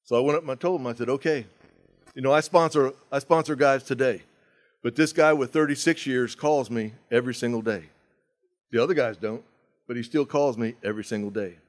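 A middle-aged man speaking at a recovery meeting, telling a personal story with wide swings from loud outbursts to hushed asides. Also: mid-range voice, a little fast. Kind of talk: storytelling talk.

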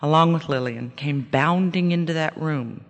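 A woman's voice: low-pitched, normal speed. A middle-aged woman giving a candid, wry personal testimony at a recovery meeting, often repeating words for emphasis. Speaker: recovery speaker sharing her story. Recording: echoey hall with long reverb.

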